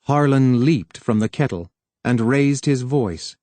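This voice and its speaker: A man reading a novel aloud as an audiobook narrator, in a steady, measured way. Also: medium pitch, no room sound. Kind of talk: scripted narration.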